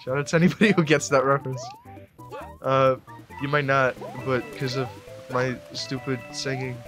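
A young man in his late teens giving rambling let's play commentary into a desk mic, breaking into sudden excited yelps. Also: mid-range voice, normal speed, over music. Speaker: gamer.

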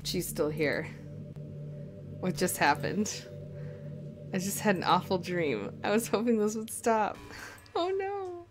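A woman's voice: mid-range voice, sing-song, slow pace, long pauses, music in the background. A young woman playing a game and commenting on it, jumpy and nervous, often laughing. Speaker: let's play host.

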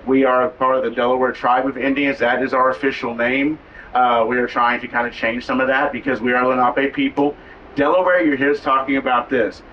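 A man's voice: mid-range voice, steady tone, brisk, dull audio. A man from Oklahoma, a tribal cultural educator, speaking informally to a visiting group outdoors, joking and getting the crowd to repeat words. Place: outdoors at a waterfall site. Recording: distant mic with faint background noise.

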